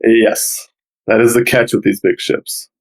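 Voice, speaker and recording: Man, game master, mid-pitched voice, easygoing, laughs a lot. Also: a little slow, gravelly, rough recording. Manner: relaxed, laughs often. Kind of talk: narrating a tabletop game.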